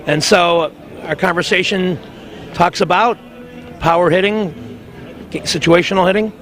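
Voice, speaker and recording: Male sports host, upbeat pitchman, light music bed. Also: fairly even intonation, unhurried, a bit bright. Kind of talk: radio sports talk with read ads.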